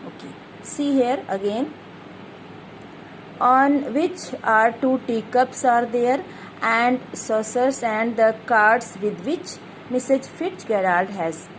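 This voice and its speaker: A woman teacher explains a play's scene very slowly, stopping to define each difficult word. Her voice sits fairly high and she often restates her points. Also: a little hiss or hum, rough recording. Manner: explains hard words one by one, repeats herself. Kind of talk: explaining a play to students.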